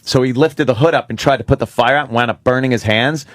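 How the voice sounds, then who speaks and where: This radio co-host tells stories casually, swearing a lot and laughing often. His voice is medium in pitch and quick, with no room sound.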